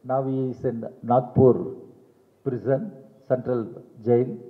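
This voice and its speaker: Slow, emphatic Indian man, tinny and echoey. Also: mid-range voice, steady tone. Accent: Indian English. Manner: deliberate, emphatic, repeats key phrases. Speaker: party general secretary at a press conference. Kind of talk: press conference statement. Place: press meet hall. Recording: tinny phone-like sound in a long echoing hall.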